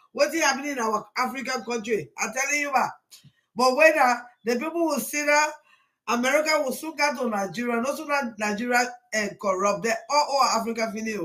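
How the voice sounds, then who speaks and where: A woman with a high-sitting voice talks a little fast while hosting a casual live stream. She rambles as she greets viewers one by one, breaking into sudden loud bursts.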